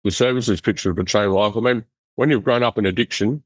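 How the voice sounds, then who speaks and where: A middle-aged Australian man telling his life story in an interview, in a rough, blunt, animated way, acting out the voices of people he quotes. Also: on the low side, fast, dry recording. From Western Australia. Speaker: interview guest. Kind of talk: casual storytelling.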